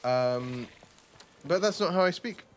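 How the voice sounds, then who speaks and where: Animated man streaming a game. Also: fairly high pitch, slow pace. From southeast England. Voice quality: faint trace of a lisp on S sounds. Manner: animated, self-mocking, exclamatory. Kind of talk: casual gaming commentary.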